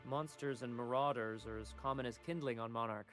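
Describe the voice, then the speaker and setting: A man's voice: medium pitch, steady tone, brisk, fairly bright tone, soft background music, lightly acted. An actor voicing a polite, formal and dryly ironic male informant in a video game. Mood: courteous. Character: refined, discreet male town informant.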